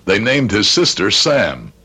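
Here an actor voices a genial, talkative husband in his forties who works in business, sounding jovial, nostalgic and given to laughter. His lowish voice is husky with a sharp tone, very animated yet a little slow, and heavily acted.

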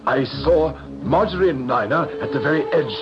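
A man's voice: fairly high pitch, lively intonation, moderate pace, music in the background. A man narrating and playing the composed, genteel lead of an old-time radio drama. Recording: dull old radio recording with noise.

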